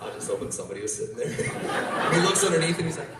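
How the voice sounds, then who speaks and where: A man's voice: fairly high pitch, very animated, very fast. A man telling funny stories to an audience as a motivational speaker, playful and laughing often. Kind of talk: storytelling talk to an audience. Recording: echoey hall from far off, noisy.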